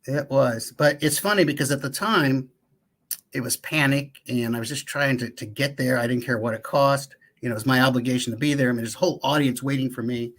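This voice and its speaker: A man who is a professional speaker, guesting on an interview and telling a story in a relaxed, reflective way. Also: medium pitch, a little fast. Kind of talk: casual interview chat.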